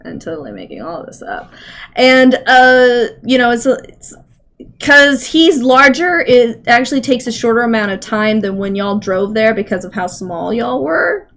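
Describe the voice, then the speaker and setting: A woman's voice: on the high side, unhurried, fairly bright tone. A woman running a tabletop game as game master, narrating in a casual, giggly, rambling way.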